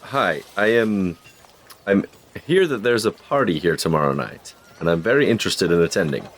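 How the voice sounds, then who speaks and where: A man with a very deep voice asks polite, hesitant questions while playing a tabletop game. His pitch moves around a lot as he speaks. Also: expressive, normal speed. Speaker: player. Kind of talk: tabletop role-play.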